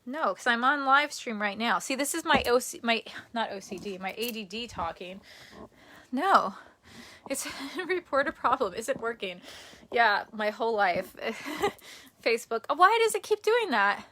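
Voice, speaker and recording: A young woman from the United States chatting casually on a live stream at home, self-deprecating and quick to laugh. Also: a little high, big pitch swings, sharp tone. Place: indoors at home near a bed. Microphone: phone or camera on a tripod.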